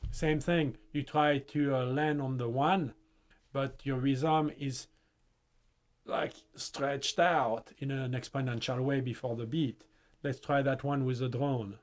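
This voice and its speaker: A man's voice: medium pitch, steady tone, slow pace. A man teaching music, explaining rhythm in short phrases and chanting rhythm syllables to demonstrate. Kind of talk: instructional explanation.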